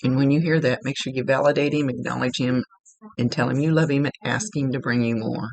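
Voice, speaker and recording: Woman medium, gravelly husky voice with dry close sound, rambling and self-correcting, at times half-whispered. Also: a bass voice, fairly even intonation, a little fast, darkish tone, no room sound, poor audio. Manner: rambling, self-correcting, laughs at own slips. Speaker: psychic medium. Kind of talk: spirit reading.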